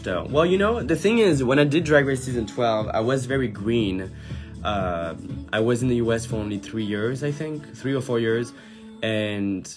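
French-accented man chatting over music. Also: fairly low pitch. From France. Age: 30s. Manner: chatty, lively, reads out and answers comments. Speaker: drag performer on a livestream. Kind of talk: casual livestream chat reading comments. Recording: music playing behind the voice.

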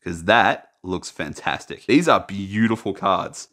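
A man commentating casually as he opens trading card packs, naming players and now and then breaking into high, excited shouts over good pulls. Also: a little slow. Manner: excitable, talks while sorting cards, bursts into high shouts over big pulls. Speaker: card-opening YouTuber.

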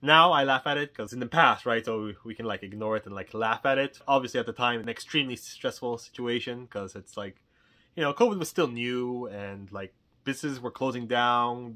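Toy shop guy rambling thru a story, jokey, bright voice. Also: mid-range voice. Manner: rambling, jokey, acts out quotes. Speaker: toy store owner and vlog host. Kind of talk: casual storytelling vlog.

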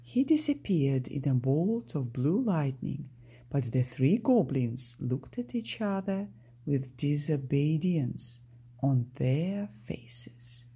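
A woman narrating a children's storybook aloud in an expressive storytelling manner. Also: low voice, slow pace, slightly rough.

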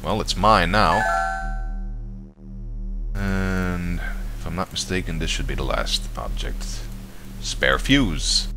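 A man's voice: deep voice, slow pace, long pauses, over loud music. A man commenting casually on a video game he is playing, joking and reading game text aloud. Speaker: let's play commentator.

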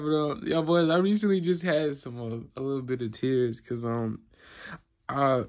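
A man's voice: mid-range voice, fairly even intonation, moderate pace, a little mellow. Young man, vlogger, loose slangy delivery, recorded on a handheld phone indoors. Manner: loose slangy talk, keeps asking "you get what I'm saying". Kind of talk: casual vlog to camera. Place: indoors in a room at home. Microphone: handheld phone camera.

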